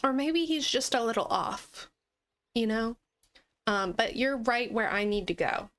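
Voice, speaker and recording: Giggly, slow-talking woman gaming host. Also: fairly high pitch, expressive, fairly bright tone. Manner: playful, giggly, chatty. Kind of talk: casual gameplay chat.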